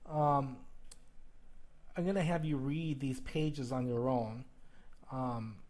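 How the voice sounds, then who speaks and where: Speaking slowly in a steady, medium-pitched, darkish voice, a man teaches plural sounds on video, addressing the viewer directly. He overdoes the sounds he models, frequently asks "okay?", and can be heard flipping through a textbook as he records.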